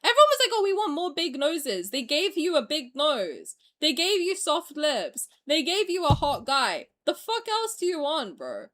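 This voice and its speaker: A woman's voice: high voice, wildly swooping pitch, normal speed, hardly any pauses, fairly bright tone. A young woman streamer ranting in a heated, profane, exasperated way during a casual reaction video.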